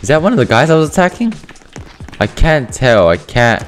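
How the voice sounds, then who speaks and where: A man giving animated gameplay commentary over voice chat, swinging between mumbled asides and loud yelling. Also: mid-range voice, moderate pace, noisy background. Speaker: gaming YouTuber.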